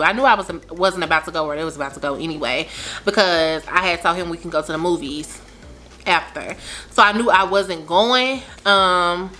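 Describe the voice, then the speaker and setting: A young adult woman telling a story in casual, animated vlogger chat, her pitch swooping up for emphasis.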